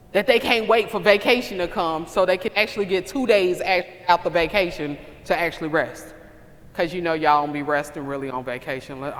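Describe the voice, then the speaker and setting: Woman, motivational speaker, bright forceful voice, preacher-like repetition, echoey hall. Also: lowish voice. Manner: emphatic, repetitive preacher-like cadence; calls out to the audience. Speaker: conference speaker. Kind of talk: motivational speech. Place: conference hall.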